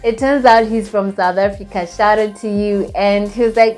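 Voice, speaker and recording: Young woman from Botswana, casual vlog, chatty storytelling, mid-pitched voice, faint music behind. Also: normal speed, hardly any pauses. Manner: chatty, animated storytelling with many fillers. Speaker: vlogger. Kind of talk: casual travel recap vlog.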